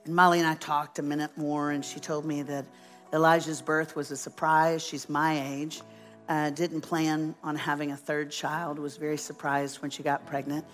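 Woman, low voice, storytelling sermon, funny and self-deprecating, soft music behind. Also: level tone, moderate pace. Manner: humorous, self-deprecating storyteller who acts out quotes. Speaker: guest speaker at a church.

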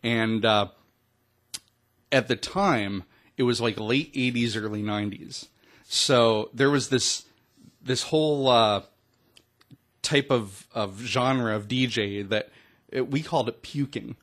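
A man in his forties, a radio DJ, talking casually in a studio interview with a medium-pitched voice. He tells his stories candidly and pokes fun at himself, often stopping to restart his sentences. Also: slow, long pauses, a bit bright. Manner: candid, self-deprecating storytelling with many restarts. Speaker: radio DJ and station owner.

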